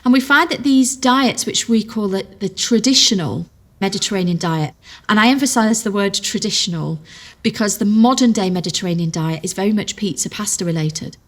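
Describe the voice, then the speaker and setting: A woman, a nutritional therapist, talks through dietary fats in a clear, explanatory way. She draws on homely everyday examples, and her voice sits at an ordinary middle pitch. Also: fairly quick. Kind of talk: explanatory talk.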